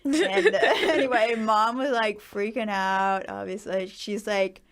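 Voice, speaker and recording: A woman's voice: mid-range voice, fairly even intonation, unhurried, fairly bright tone. A middle-aged woman hosting a podcast, telling rambling family stories and laughing often. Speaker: podcast host. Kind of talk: casual chat.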